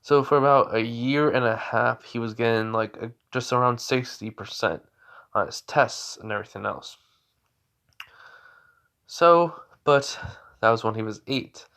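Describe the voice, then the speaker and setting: A man's voice: mid-range voice, fairly bright tone. Tired man rambling through a story. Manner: rambling, self-correcting, many fillers. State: tired, yawning. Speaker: fan storyteller. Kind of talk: unscripted casual storytelling.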